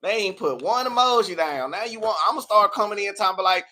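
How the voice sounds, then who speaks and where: High, bright-voiced Tennessee man. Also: brisk, hardly any pauses. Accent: Tennessee Southern. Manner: animated, playful preachy scolding of chat. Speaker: tarot reader. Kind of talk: live tarot reading chat.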